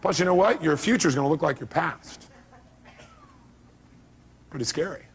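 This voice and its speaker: A man's voice: a little high, normal speed, breathy edge. A man giving a motivational seminar talk, emphatic and full of rhetorical questions, acting out little dialogues. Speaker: motivational speaker.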